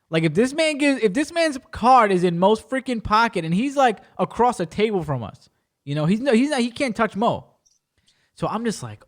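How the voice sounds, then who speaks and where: A man whose voice sits high talks a little fast while hosting a podcast. Casual and animated, he narrates a story and acts out everyone else's voices.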